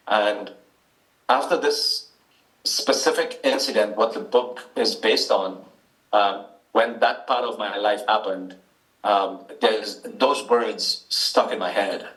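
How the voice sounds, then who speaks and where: A lower-pitched man with a Trinidadian accent, speaking as an interview guest in an echoey room, set back from the microphone. He talks hesitantly, with many ums and restarts. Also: fairly bright tone, recorded from a distance. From Trinidad and Tobago. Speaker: author, guest. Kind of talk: interview answers.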